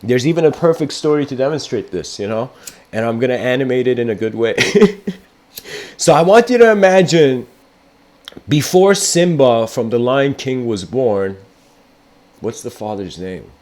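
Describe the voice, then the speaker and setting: A man giving a casual spiritual lecture, telling a story in a rambling, animated way with frequent laughs. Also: mid-range voice, moderate pace. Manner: rambling, animated, laughs often, says "you know".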